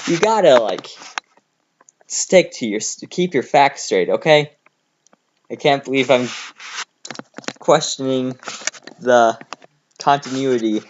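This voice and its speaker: A man reads fan fiction aloud and mocks it with sarcastic commentary. His voice sits at a middle pitch. The home recording is slightly dull, with faint background noise. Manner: sarcastic, mocking. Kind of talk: comedic reading with commentary.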